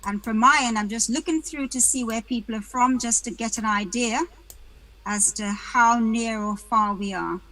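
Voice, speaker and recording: A woman's voice: fairly high pitch, moderate pace, sharp tone, poor audio. A woman from the UK hosting an online panel, chatting casually and greeting attendees by name with light jokes over a video call. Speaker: webinar host.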